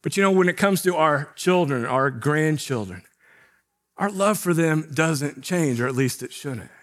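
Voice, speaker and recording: A man's voice: on the high side, lively intonation, a little slow. A middle-aged man, a pastor, preaching a sermon in a conversational way, asking rhetorical questions.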